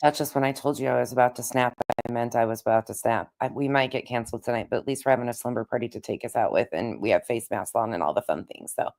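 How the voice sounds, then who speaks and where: A woman live-streaming in a casual, chatty way, greeting viewers by name, with a raspy voice. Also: rumbling low, fast talker, few pauses, a little mellow.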